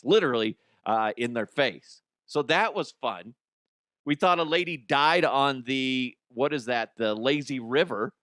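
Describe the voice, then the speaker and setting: A middle-aged man hosts a comedy show, spinning crude, rambling anecdotes full of swearing. He jumps into quick impressions of the people in his stories. His voice sits at a middle pitch and is recorded dry, with no room sound. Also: fairly bright tone, no echo. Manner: rambling, profane, acts out quoted people. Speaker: comedy podcast host. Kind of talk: crude comic storytelling.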